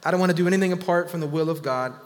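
Man, pastor, 30s, high voice, sermon, big swings in loudness, long church reverb. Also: very fast. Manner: preaching with sudden rises and drops in volume; acts out whiny quoted voices of people.

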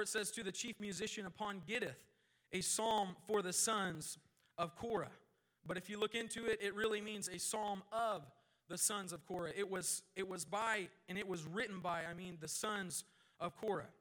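A man preaching a sermon from a church pulpit as a guest speaker, his throat sore, moving between a steady teaching voice and loud, fervent prayer. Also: high voice.

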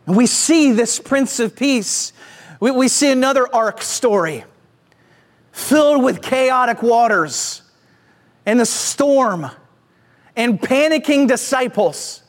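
A pastor preaching a sermon with emphatic delivery and rhetorical questions, swinging from raised to hushed. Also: medium pitch, lively intonation, slow pace. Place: church stage with slides behind.

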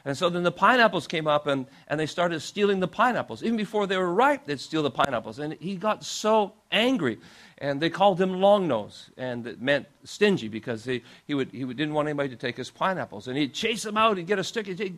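Animated storytelling male preacher. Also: on the high side, a little fast. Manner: animated storyteller, acts out quoted voices. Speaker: pastor. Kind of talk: sermon storytelling.

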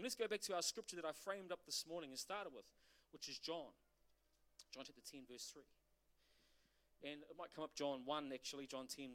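High-voiced animated preacher man. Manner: animated preaching with rhetorical questions. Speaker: pastor. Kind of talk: sermon.

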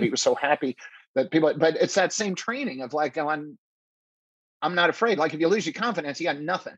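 Comic guest, male, husky and dry, animated storyteller who keeps restarting. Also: mid-range voice, dry recording, muffled recording. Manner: animated, many restarts, acts out quotes. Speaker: stand-up comedian guest. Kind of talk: casual interview storytelling.

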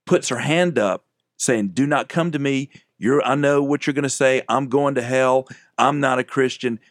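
A man's voice: mid-range voice, no echo. Earnest man co-hosting Christian radio, dry sound. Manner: earnest, emphatic, repeats words when starting phrases. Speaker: radio co-host. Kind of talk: radio talk with a preaching tone.

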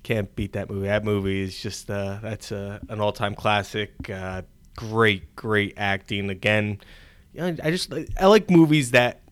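Opinionated man, smooth and clear. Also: on the low side, measured pace, no echo. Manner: filler-heavy, loose, opinionated. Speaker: podcast co-host. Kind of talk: casual chat.

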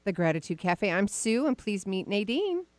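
A woman's voice: mid-range voice, very animated, normal speed, dry recording. A woman hosting a live call-in show, affectionate and coaching, calling her callers sweetheart. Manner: warm-toned, affectionate, calls people sweetheart. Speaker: host.

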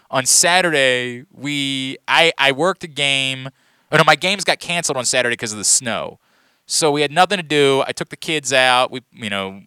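A man chatting on a podcast, telling stories with lots of emphasis and an expressive, swooping voice. His tone is bright and crisp. The recording is dry and close. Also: mid-range voice, no echo. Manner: animated, emphatic storyteller. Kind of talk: casual chat.

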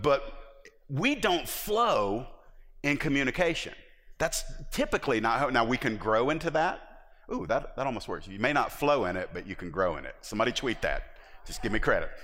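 A male pastor preaching a sermon in a lively, conversational way, with joking asides to the congregation, and he jumps into high, excited voices when he acts out a story. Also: normal speed. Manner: animated, jumps into high voices acting out David. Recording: long reverb of a large hall.

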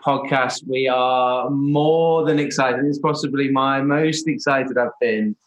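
A man's voice: medium pitch, fairly even intonation, slow pace, low-quality recording. Jokey male podcast host. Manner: jokey, laughs often, many um fillers. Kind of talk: casual podcast chat.

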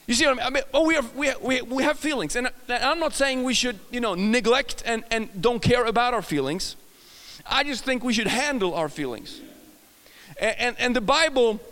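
Speaking in a large hall, a Swedish-accented man delivers a relaxed, humorous sermon. His voice is high, pushed and bright yet smooth. He frequently restarts sentences, corrects himself, and chats and jokes with the audience.

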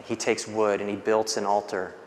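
A man pastor giving a sermon, retelling scripture stories with animated, conversational delivery. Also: fairly low pitch, moderate pace, a little hiss or hum. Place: church sanctuary. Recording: long hall reverb.

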